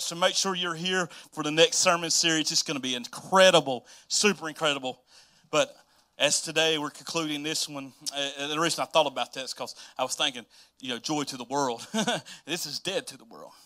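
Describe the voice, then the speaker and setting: A man's voice: on the high side, pushed and bright. A middle-aged male pastor preaching a casual, chatty sermon and repeating phrases for emphasis.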